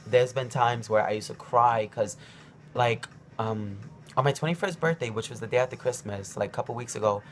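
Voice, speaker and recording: A man's voice: mid-range voice, fairly bright tone. A young man in his early twenties telling a personal story to his camera at home, rambling and emotional, with many ums and likes. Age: young adult. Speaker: vlogger.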